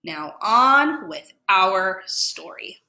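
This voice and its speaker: A woman educator reads a picture book to children in a slow, unhurried way, her bright, high voice swooping with lively expression. She stops often to explain words playfully, and the sound rings in an echoey room. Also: a little hiss or hum. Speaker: museum educator. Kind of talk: children's story reading.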